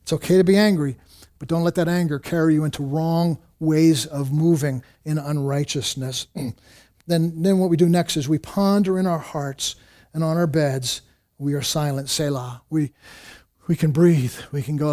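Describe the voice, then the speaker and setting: Man, pastor preaching, earnest, stumbling restarts, fairly high voice. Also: fairly even intonation, moderate pace, warm tone. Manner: earnest, repeats words and restarts often; rises in pitch and volume when exhorting. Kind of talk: sermon.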